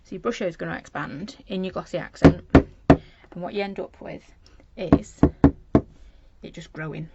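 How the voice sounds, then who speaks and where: A woman's voice: on the low side, normal speed, vocal fry. A chatty woman from Britain, rambling cheerfully while she demonstrates a journal craft project on a live stream. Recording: dull lo-fi livestream audio with faint noise.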